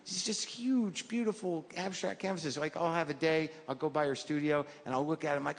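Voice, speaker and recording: A male stand-up comedian on a club stage, talking in a wry, rambling way with halting asides. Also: a little high. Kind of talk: stand-up routine. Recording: live club, echoey hall, audience noise.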